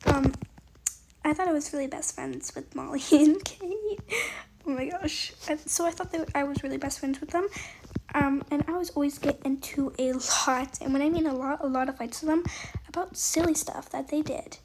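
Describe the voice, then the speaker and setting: A woman telling a rambling personal story while playing a game, full of fillers and soft, half-whispered asides. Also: high voice, moderate pace, rough recording. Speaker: storytime gamer. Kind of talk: casual storytime while gaming. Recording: loud background noise.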